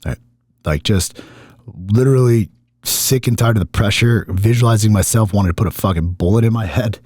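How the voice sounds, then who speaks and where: A man's voice: on the low side, fairly quick, a little mellow, slightly rough, dry recording, clean studio sound. A middle-aged man hosting a podcast, talking candidly and emotionally and swearing often. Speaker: podcast host.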